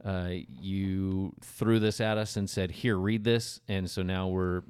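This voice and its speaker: A man's voice: low voice, little pitch movement, slow, darkish tone, clean tone, no room sound, studio quality. A man hosting a casual podcast chat, rambling a little and laughing easily. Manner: chatty, rambling with restarts and laughs. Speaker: podcast host.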